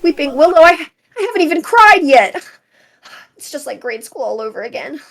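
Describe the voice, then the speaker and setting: A woman's voice: extremely high pitch, lively intonation, brisk. A woman voicing a timid tree woman who stammers nervously and hesitates. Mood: hurt.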